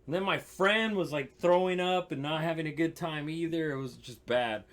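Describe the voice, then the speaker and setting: A man's voice: on the high side, moderate pace. A young man casually telling a rambling, profane story on his stream, with lots of fillers and restarts.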